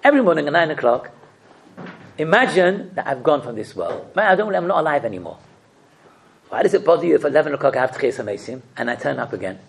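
A man's voice: a little high, animated, quick pace, vocal fry. Man playing an earnest, timid shopkeeper. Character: busy middle-aged shopkeeper, earnest and timid.

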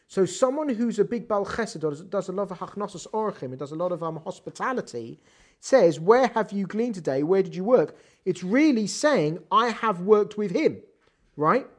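An animated Torah teacher works through a text, firing off rhetorical questions. The pitch swings widely up and down. Hebrew terms are read out along the way. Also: normal speed. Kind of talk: text study lesson.

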